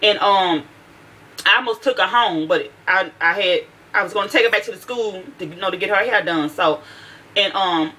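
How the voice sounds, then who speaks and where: A woman's voice: mid-range voice, normal speed, bright, forceful tone, poor audio. A mother telling a heated, profane story about her teenage daughter in a casual vlog, with lots of restarts.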